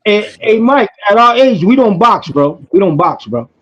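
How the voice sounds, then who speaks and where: Excitable high-voiced man telling stories. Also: normal speed, crowd noise, low-quality recording. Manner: excitable, profane, repeats himself. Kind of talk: animated casual storytelling.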